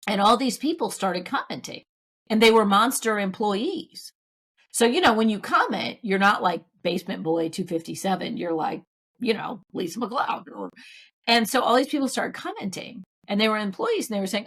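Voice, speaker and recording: A middle-aged woman, an author and consultant, telling stories in a casual podcast interview and acting out what people said. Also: medium pitch. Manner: lively storyteller who acts out what people said. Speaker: guest, author and sales consultant.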